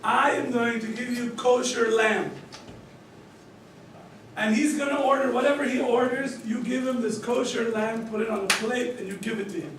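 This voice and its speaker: A very high-voiced rabbi speaks at normal speed, teaching a group through story cases and animatedly performing the characters' quoted lines. He quizzes listeners with questions and chuckles. The background is noisy, and his voice comes from a distance in a very echoey room.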